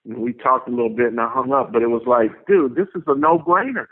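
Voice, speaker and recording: A man's voice: mid-range voice, fast. A man telling a story as a guest in an interview, talking in an emphatic way and swearing often, heard over a phone line. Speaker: guest, tour manager.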